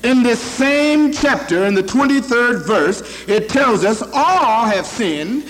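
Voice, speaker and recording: A man with a high voice preaches to his congregation, hammering his points home through repetition. The sermon echoes with a long reverb through a large church hall. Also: lively intonation, takes it slowly, a bit bright, slight background noise. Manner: emphatic, repetitive, addresses the congregation directly.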